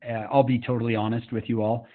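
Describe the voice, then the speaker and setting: A middle-aged man from Utah tells a personal story to a summit audience, earnest and chatty, often stopping to ask the listeners a question. His voice sits at an ordinary pitch. The sound comes through thin and tinny, like a phone line. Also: level tone, fast talker. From Utah, USA. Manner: earnest, conversational, with frequent fillers and asides to the audience. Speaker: summit speaker.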